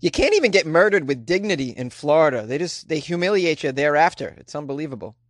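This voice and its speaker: A man's voice: a little high, sing-song, quick pace, dry recording. A man hosting a comedic weird-news show, reading stories aloud and riffing on them with sarcastic, mock-outraged asides. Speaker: host.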